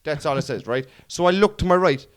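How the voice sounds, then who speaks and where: A man's voice: a little high, animated, fairly quick. An Irish man, a comedian co-hosting a podcast, telling stories in casual chat, swearing and laughing often. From Ireland. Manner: swearing, joking storyteller who laughs often.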